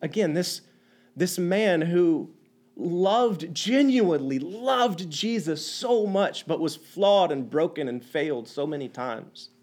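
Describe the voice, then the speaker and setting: Male preacher, slightly higher voice, conversational and animated storytelling sermon. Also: slow pace. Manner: animated, acts out quoted lines, many restarts.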